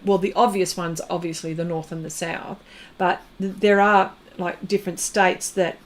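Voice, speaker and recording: A woman's voice: lowish voice, level tone, moderate pace. A middle-aged Australian woman hosting an art livestream, chatting casually and rambling with viewers, full of fillers and restarts. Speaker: artist livestream host. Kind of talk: casual chat with live viewers.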